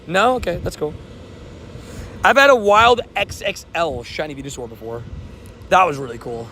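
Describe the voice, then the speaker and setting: A man's voice: a little high, moderate pace, sharp tone, rough recording. A young adult man live-streaming a mobile game outdoors, chatting upbeat and reading viewer comments aloud. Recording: outdoor wind noise on mic.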